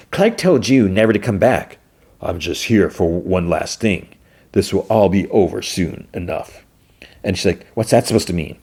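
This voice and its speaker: Male podcast host with a deep voice, loosely recapping an episode at home. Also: darkish tone. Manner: loose retelling, quoting characters with "he's like".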